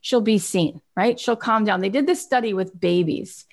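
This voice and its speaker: A woman giving an expressive, animated motivational talk on personal growth. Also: medium pitch, moderate pace, gravelly. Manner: expressive, acts out little scenes.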